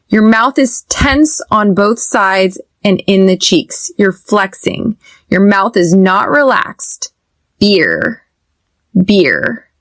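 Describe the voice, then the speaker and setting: This mid-range voice belongs to an American woman recorded dry on a podcast. She takes it slow and deliberate while teaching English pronunciation, leaving room for learners to repeat after her.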